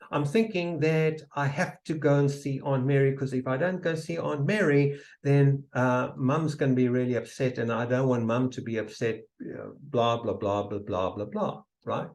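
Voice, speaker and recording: A man giving a motivational seminar talk, emphatic and repetitive, sometimes dropping to a soft near-whisper to demonstrate. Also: on the high side, low-quality recording. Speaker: seminar speaker.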